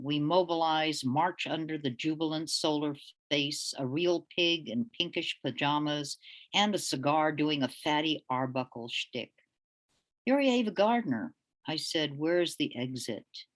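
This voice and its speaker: Slow, low-voiced woman reading poetry. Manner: deliberate, measured delivery with pauses between lines; hesitant, with fillers, when speaking off the page. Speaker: featured poet.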